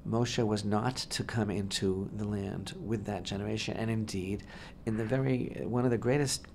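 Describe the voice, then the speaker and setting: A man's voice: fairly low pitch, vocal fry, a little hiss or hum. A man co-hosting a Torah discussion on talk radio, speaking expansively and emphatically and often repeating his phrases. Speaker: rabbi co-host.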